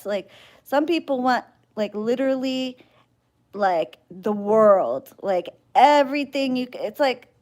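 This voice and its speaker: A woman who practises spellwork, ranting bluntly and wearily to her livestream viewers, swearing freely. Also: mid-range voice. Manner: blunt, exasperated, profane; sighing and weary. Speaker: spiritual practitioner and spell caster.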